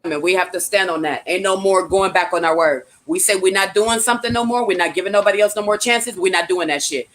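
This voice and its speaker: A woman's voice: medium pitch, a little fast, few pauses, fairly bright tone. A woman from California giving a casual motivational talk, blunt and profane, repeating her key phrases like a preacher.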